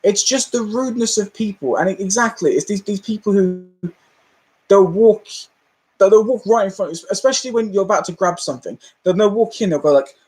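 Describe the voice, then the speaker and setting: A man's voice: high voice, a little fast, a little mellow. A man with a British accent hosting a live stream, ranting casually, laughing often and acting out the people in his stories. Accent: British English.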